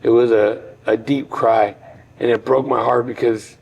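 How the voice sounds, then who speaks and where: A man's voice: mid-range voice, fairly even intonation, a little slow, creaky, darkish tone, dull audio, a little hiss or hum. A middle-aged man, a former boxer, telling a personal story on a podcast in an earnest, heartfelt, reflective way.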